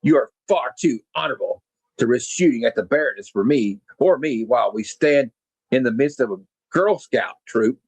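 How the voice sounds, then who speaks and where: A man voicing a cold, scheming villain leader with a sneering, condescending manner in a lowered voice. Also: lively intonation, normal speed, darkish tone, breathy edge, no room sound, poor audio.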